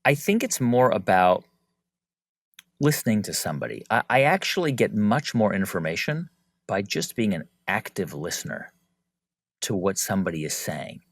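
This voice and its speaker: A man talks as a podcast guest in an easy conversational way. His pitch swings widely and stays expressive. The recording is dry and close, with no room sound. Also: normal speed, no room sound. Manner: animated, acts out quoted speech. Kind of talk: conversational interview.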